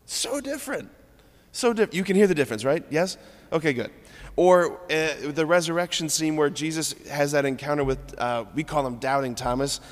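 A man's voice: a little high, brisk, in a large hall. A man, a Catholic priest, giving a conversational homily at mass, informal and often checking in with "right?". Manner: acts out scripture lines in different tones. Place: church.

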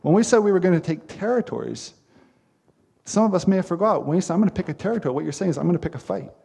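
A man's voice: sits high, animated, rapid-fire, vocal fry, dark tone, husky. A man preaching a sermon as pastor, earnest and emphatic, with repeated phrases.

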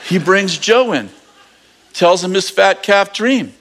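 Animated male preacher with a high voice, telling a story with humor and acted-out voices. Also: takes it slowly, slight background noise. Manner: animated, acts out voices, jokey asides. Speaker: pastor. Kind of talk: lively storytelling sermon.

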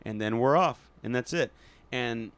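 A man's voice: medium pitch, measured pace, fairly bright tone, smooth, no echo. A man who teaches voice, telling a story in a casual chat with a laid-back manner and plenty of fillers.

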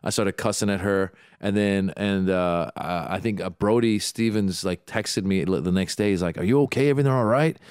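Low, smooth-voiced man chatting. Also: moderate pace, few pauses, no room sound, studio quality. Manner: relaxed, chatty, laughs easily. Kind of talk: casual chat.

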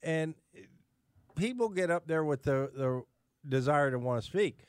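Indignant guest on a radio show. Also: male voice, a little high, expressive, measured pace, smooth, dry recording, studio quality. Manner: indignant, emphatic, with restarts. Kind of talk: casual radio talk.

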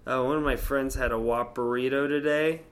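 A man in his thirties telling a story casually, animated and swearing, acting out quotes in a higher voice. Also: moderate pace. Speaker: vlogger.

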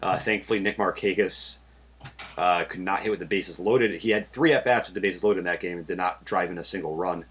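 Man, very low voice, from Connecticut, co-host, dry stat-heavy recaps, sleepy late-night chat. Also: fairly quick, a bit bright. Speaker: podcast co-host. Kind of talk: casual sports chat.

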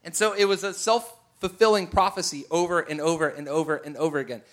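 A middle-aged man preaching a sermon, telling a personal story with animated bursts and occasional shouts. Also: on the high side, fairly quick.

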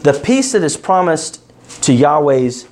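A man leading an interactive Bible study, asking his class questions and stressing key words with animated emphasis. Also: fairly high pitch, a little slow.

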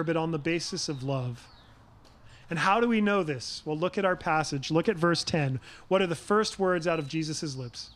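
Earnest high-voiced male pastor preaching. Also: a bit bright. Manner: earnest, measured preaching with rhetorical questions. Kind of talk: sermon.

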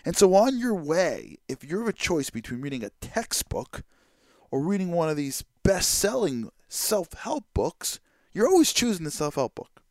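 A man hosting a podcast, telling a personal story in a lively, chatty way with lots of fillers. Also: on the high side, no echo, studio quality. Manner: lively, quick anecdotal delivery with many fillers. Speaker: podcast host. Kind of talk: storytelling monologue.

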